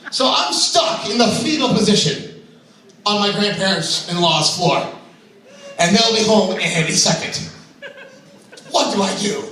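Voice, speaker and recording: Brash, crude male open mic comic, high lively voice; far-off mic, very echoey room. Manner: crude, brash, laughs at his own jokes. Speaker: stand-up comedian. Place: comedy club stage.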